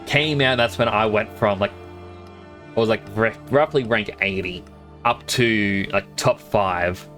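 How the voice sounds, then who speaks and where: A young guy streaming and spinning a gaming story in an animated way, putting on quick little voices for other players. His voice sits on the low side, with faint music playing underneath. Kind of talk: casual storytelling while gaming.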